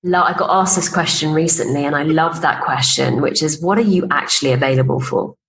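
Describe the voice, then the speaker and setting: A woman's voice: low-pitched, fairly quick, fairly bright tone, a little hiss or hum, low-quality recording. A woman business coach, a podcast guest, telling personal stories in casual conversation and acting out the dialogue she quotes. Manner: chatty, acts out quoted dialogue, laughs while telling stories.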